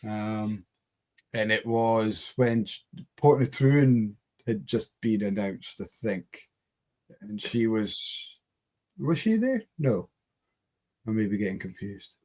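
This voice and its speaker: A man's voice: lowish voice, animated, takes it slowly, pauses often, a little mellow. Male host, easygoing, rambling delivery full of fillers and restarts. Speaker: podcast host. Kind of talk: casual chat.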